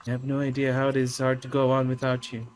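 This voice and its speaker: A man's voice: medium pitch, monotone, fast talker, close to an everyday voice. A man voicing a guilt-ridden male detective from a game, speaking in a pained, hesitant way. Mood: guilty pained.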